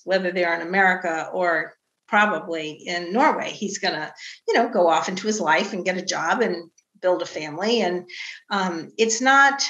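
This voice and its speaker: A middle-aged woman novelist talking casually about writing her book, telling stories about her family with animated quoted voices. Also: lowish voice, reverberant, muffled recording. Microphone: video call.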